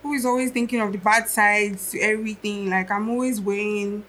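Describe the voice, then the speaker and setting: A woman's voice: medium pitch, fairly even intonation, brisk, fairly bright tone, low-quality recording. A young adult woman, a musician and guest on a podcast, talking in a reflective, casual way and thinking aloud as she goes.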